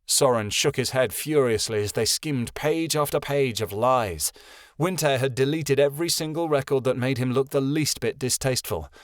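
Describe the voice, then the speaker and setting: A man narrating a fantasy audiobook in a steady storytelling voice. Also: medium pitch, moderate pace, no room sound, clean studio sound. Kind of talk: scripted narration.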